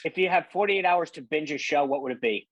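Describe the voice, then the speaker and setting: A middle-aged man hosting a casual podcast interview, animated, laughing often and restarting his sentences. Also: on the high side, quick pace, dry recording, lo-fi sound. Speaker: podcast host. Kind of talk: casual interview with rapid-fire questions.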